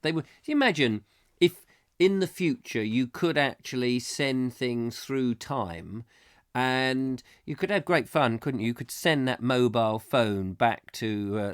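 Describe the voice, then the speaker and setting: Rambling whimsical man. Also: mid-range voice. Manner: whimsical, silly, reads viewer comments aloud. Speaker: host. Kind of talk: rambling comic live-stream chat.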